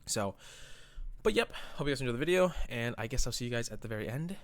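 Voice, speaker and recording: With lively intonation and a quick pace, this artist vlogger narrates his drawing in a medium-pitched voice. He's a little breathless, rambling in a laid-back, self-deprecating manner.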